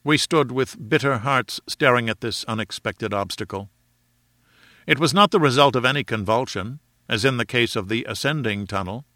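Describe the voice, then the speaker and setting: A man narrating an adventure novel in a measured storytelling manner. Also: medium pitch, sharp tone, no echo, studio quality. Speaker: audiobook reader. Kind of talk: scripted narration.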